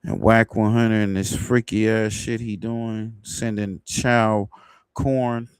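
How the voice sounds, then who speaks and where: Low-voiced man rambling on a livestream. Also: little pitch movement, slow, clear, resonant tone, no room sound, studio quality. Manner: loose, rambling, laughs at his own jokes. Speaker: livestream host. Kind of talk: casual livestream commentary.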